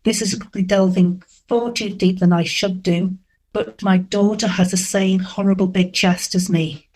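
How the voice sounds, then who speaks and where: A middle-aged woman telling candid dating stories in an interview, animated and acting out what people said. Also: mid-range voice, normal speed, rough recording. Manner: candid, animated, acts out quoted dialogue. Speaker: interview guest. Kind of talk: frank storytelling.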